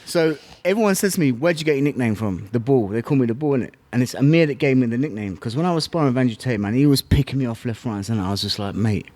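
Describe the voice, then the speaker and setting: A man's voice: mid-range voice, animated, very fast, hardly any pauses, darkish tone, no room sound. A man, a former fighter and podcast guest, telling his story bluntly, swearing and using slang. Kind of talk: casual interview talk.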